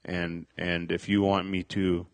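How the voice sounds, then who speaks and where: A middle-aged man telling a personal faith testimony, halting, with many fillers and restarts. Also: low-pitched, level tone, dry recording. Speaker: speaker sharing a testimony.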